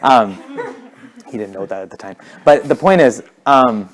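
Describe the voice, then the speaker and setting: A young man telling a religious story in a casual, animated way, with many fillers and restarts. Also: medium pitch, normal speed. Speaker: speaker at a community talk.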